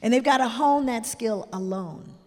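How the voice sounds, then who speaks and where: A woman's voice: on the high side, moderate pace. An older woman, a grandmother, telling stories in an earnest, heartfelt way, full of "you know" asides. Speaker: guest. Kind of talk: reflective storytelling in conversation. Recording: long hall reverb.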